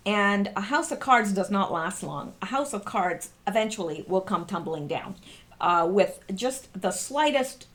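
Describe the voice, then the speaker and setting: A woman hosting a casual commentary, explaining online posts and reading statements aloud with emphatic repetition. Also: medium pitch. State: coughing, throat clearing. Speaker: political commentary host.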